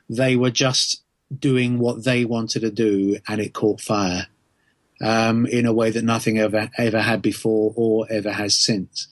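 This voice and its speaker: A middle-aged man, answering podcast interview questions as an author in a thoughtful, measured way, with frequent ums. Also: lowish voice, dry recording. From England.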